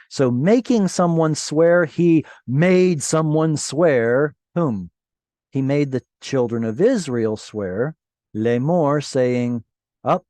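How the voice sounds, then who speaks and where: A man teaches a language class over a video call, working through the text word by word. His pace is unhurried and his pitch sits in an ordinary middle range. The sound is dry and close, with no room echo. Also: darkish tone. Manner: patient, explains word by word, self-correcting. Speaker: Hebrew teacher.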